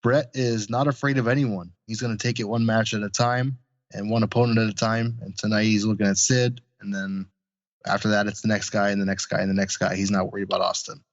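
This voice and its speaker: A man's voice: lowish voice, flat delivery, a little fast, no echo, lo-fi sound. A man co-hosting a podcast, recapping in a laid-back, chuckling way. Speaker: podcast co-host. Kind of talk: casual chat.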